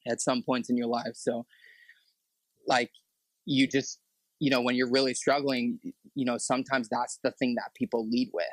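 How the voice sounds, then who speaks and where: Young guy telling his story, flat voice, lots of ums, dry sound. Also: medium pitch, dry recording, low-quality recording. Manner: halting, full of fillers and restarts. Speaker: podcast guest. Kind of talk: personal testimony in casual talk.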